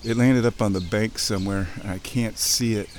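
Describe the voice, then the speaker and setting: A man's voice: lowish voice, normal speed, slight background noise. Man chatting to himself in a creek. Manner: chatty, talks to himself, excited bursts. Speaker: outdoor vlogger. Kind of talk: casual running commentary. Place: outdoors in a muddy creek. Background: birds chirping.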